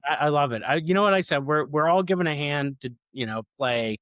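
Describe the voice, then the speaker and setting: A man's voice: fairly high pitch, quick pace, a bit bright, no echo, studio quality. A man in his forties, a comedian guest in a casual interview, talking eagerly and rambling, often repeating words as he goes.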